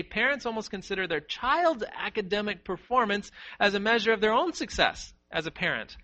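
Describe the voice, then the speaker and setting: Animated, bright-voiced man preaching a sermon. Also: high-pitched. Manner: emphatic, repeats key words for stress.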